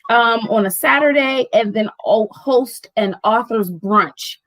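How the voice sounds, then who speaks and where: Animated high-voiced bookstore owner. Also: female voice, takes it slowly, no room sound, poor audio. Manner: animated storyteller, acting out quoted dialogue; fills speech with "like" and "right?". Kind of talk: casual chat.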